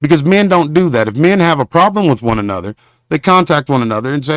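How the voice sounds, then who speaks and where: A man hosts a livestream and rants at his critics, his somewhat high voice leaping up and down. He rambles and stumbles, then breaks into preacher-like condemnations. The sound is dry and close. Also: expressive, quick pace, a bit bright, dry recording. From Southern Oklahoma. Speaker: show host. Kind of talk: confrontational livestream rant.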